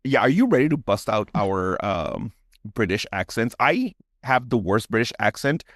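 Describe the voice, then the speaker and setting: A sing-song, mid-range male voice at normal speed belongs to a horror podcast co-host who narrates ghost stories with drama. Between tales he chats loosely, leaning on "like" and laughing a lot; the studio recording is clean, without room sound.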